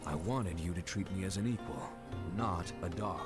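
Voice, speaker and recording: An actor voicing a solemn, wise male talking red beast in a video game, speaking with a deep, grave, measured voice. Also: close to an everyday voice. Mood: earnest. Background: game music.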